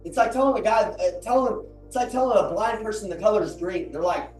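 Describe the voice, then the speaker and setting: A man's voice: sits high, fast, a little mellow. A man giving an emotional motivational talk, earnest, repeating his lines for emphasis, before an audience in a large room. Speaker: motivational speaker. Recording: roomy, from a distance, faint music.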